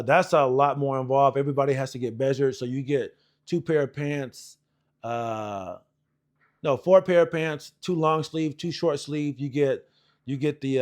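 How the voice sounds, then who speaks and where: A man's voice: mid-range voice, darkish tone. A man in his forties, an Air Force veteran, telling service stories in a rambling, profane, casual way with lots of fillers. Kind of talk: casual storytelling.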